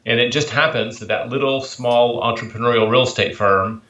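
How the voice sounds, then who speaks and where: Man, light Southern accent, interview guest, relaxed, bright tone, lo-fi sound. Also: mid-range voice, moderate pace. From Memphis, Tennessee. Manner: relaxed, easygoing, uses fillers. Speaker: author and publisher, guest. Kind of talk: casual interview answers. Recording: dull lo-fi sound.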